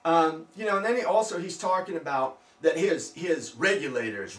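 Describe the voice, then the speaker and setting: A man's voice: a little high, animated, normal speed, a bit bright. A man giving casual skeptical commentary to his viewers, firing off rhetorical questions and mocking asides. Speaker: video blogger. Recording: roomy, distant from the mic.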